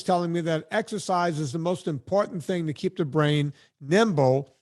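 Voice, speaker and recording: A man hosting a podcast interview, talking in an animated, emphatic way and often repeating words as he gets going. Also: a little high, normal speed. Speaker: podcast host. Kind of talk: casual conversational interview.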